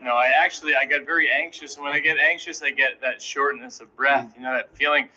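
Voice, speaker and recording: A man in his thirties telling a stand-up comedy story in an anxious, self-deprecating, animated way. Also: mid-range voice, brisk. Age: 30s. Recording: dull, noisy live recording.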